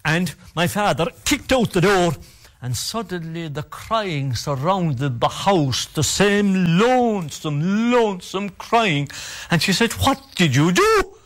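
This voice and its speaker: A man with an Irish accent telling an oral folk tale in a measured, dramatic way, with repetitions and pauses. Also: high-pitched, lively intonation. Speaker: storyteller.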